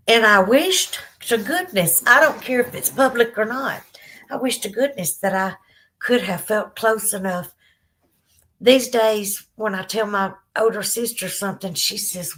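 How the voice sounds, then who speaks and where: A woman's voice: mid-range voice, measured pace, fairly bright tone. A woman in her fifties with a Southern American accent, hosting a live podcast. She tells a painful personal story candidly and fights back tears, rambling with fillers as she answers viewer comments. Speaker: podcast host.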